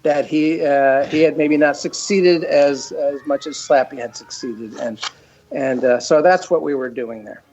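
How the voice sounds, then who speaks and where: An older man, a cartoon creator and guest, telling stories in a casual chat, halting with many fillers. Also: a little high, steady tone, darkish tone, highs cut off.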